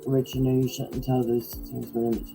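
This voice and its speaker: A woman's voice: a bass voice, completely flat delivery, normal speed, gravelly, warm tone, faint music behind, low-quality recording. A middle-aged woman co-hosting a podcast in casual chat, rambling with lots of likes and restarts. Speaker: podcast co-host.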